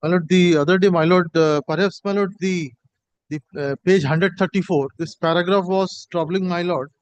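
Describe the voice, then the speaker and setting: A man arguing a case in a courtroom, halting and repeating "my lord" while reading from a judgment. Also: high voice, fairly even intonation, clean tone, dry recording, muffled recording. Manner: halting, addresses the bench as my lord in nearly every phrase; reads passages from a judgment aloud. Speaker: advocate arguing an appeal. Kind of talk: courtroom argument.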